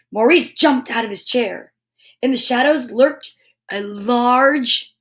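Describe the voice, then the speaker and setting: A woman reads a children's storybook aloud in a slightly high voice, taking her time over every phrase. She is animated and breaks off with gasps and little asides to the children listening. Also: slow. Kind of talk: reading a picture book aloud to children.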